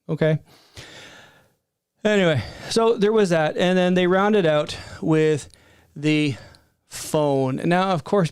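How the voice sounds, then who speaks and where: A man in his fifties giving a rambling, animated spoken reaction from his desk, with exasperated asides. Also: fairly high pitch, clear, resonant tone, no room sound, studio quality. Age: 50s. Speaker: tech streamer. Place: at a desk before a green screen.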